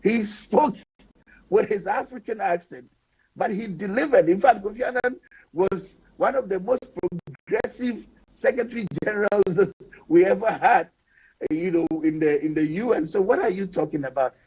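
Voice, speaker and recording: A man speaking as a panelist on a TV talk show, telling stories in an animated, emphatic way. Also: high voice, normal speed, husky. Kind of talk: panel discussion. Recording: dull lo-fi broadcast sound.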